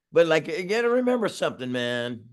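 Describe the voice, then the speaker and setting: A man's voice: a little high, big pitch swings, moderate pace. Rambling man in his sixties on a video call. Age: 60s. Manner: rambling, chuckling, with frequent restarts. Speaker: singer being interviewed. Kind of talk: casual interview chat.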